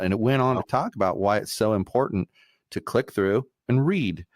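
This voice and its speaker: A man hosting a podcast, explaining his point in a relaxed, measured way. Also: fairly low pitch, no room sound, clean studio sound. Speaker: podcast host. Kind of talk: conversational interview talk.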